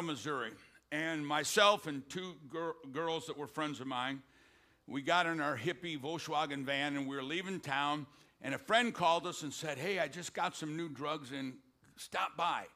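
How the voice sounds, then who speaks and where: An older man preaching from the pulpit with a high, bright, forceful voice. He surges into loud exhortation, then drops low and quiet to tell a story. This is a full-blown sermon. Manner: swings between loud exhortation and hushed storytelling. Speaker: pastor.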